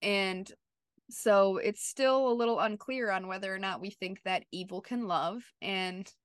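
A woman co-hosting a podcast, talking in an easy, emphatic way and peppering her sentences with filler words. Her voice sits in a middle pitch, and the recording is dry, with no room sound. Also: a little slow, clear, resonant tone, dry recording. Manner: chatty and emphatic, lots of "like" and "you know". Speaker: podcast co-host. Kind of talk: casual chat.

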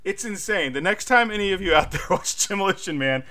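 A man's voice: high voice, lively intonation, fairly quick, pushed and bright. A man co-hosting a podcast, chatting casually and animatedly, with lots of filler likes and laughter. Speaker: podcast co-host. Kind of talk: casual chat.

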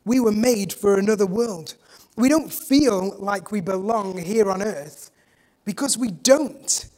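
A preacher giving a conversational sermon, repeating key phrases for emphasis, with relaxed, chatty asides. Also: medium pitch, slow pace.

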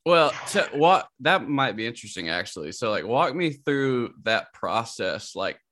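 A man's voice: mid-range voice, very animated, moderate pace, a bit bright. A man hosting a podcast in casual chat, rambling and often restarting his sentences. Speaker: podcast host.

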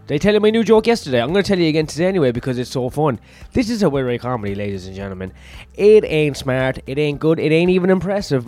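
A man's voice: on the high side, a little mellow. A worn-out man hosting a rambling solo podcast, crude and self-mocking, swearing constantly. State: tired, run-down. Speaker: comedian podcast host.

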